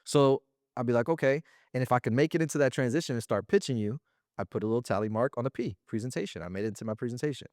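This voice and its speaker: A man talking as an interview guest about running a sales business, in slangy, animated casual speech. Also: medium pitch, rapid-fire, no echo, clean studio sound. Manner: slangy and animated, often acting out little quoted exchanges.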